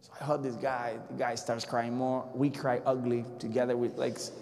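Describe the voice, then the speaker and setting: A man preaching a sermon in a casual, conversational way, telling a story and swinging between loud bursts and hushed, near-whispered passages. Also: medium pitch, level tone, moderate pace. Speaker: pastor. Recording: long echo of a large hall.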